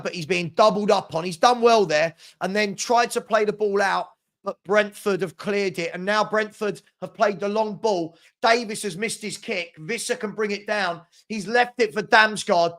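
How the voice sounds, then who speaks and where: A man's voice: high voice, fairly bright tone. A man hosting a live fan watchalong, giving partisan running commentary on the match and getting exasperated with his own side's mistakes. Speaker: watchalong host.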